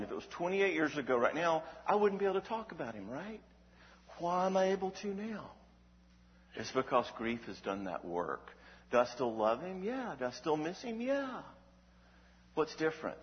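A man giving an emphatic Christian teaching talk, asking rhetorical questions and checking in with "all right?". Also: lowish voice. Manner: animated, emphatic delivery. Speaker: Christian speaker on emotional health. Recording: dull recording with long hall reverb.

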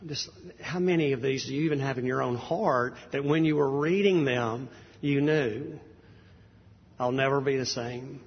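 A man's voice: medium pitch, normal speed, slightly rough. A man preaching a sermon in a conversational, anecdotal way, with frequent fillers and restarts. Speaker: pastor. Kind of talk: sermon introduction. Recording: dull audio in a reverberant hall.

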